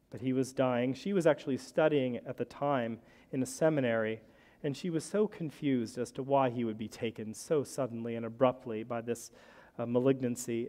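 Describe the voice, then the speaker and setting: A man preaching a sermon as pastor, telling stories in a conversational, lively way. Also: medium pitch. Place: church. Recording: church hall with long reverb.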